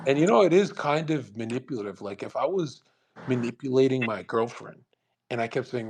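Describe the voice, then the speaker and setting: A brash man hosting a live audio chat, talking fast and profanely and mocking others with put-on voices. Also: medium pitch, expressive, a little mellow, a little hiss or hum. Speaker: host of a live audio space.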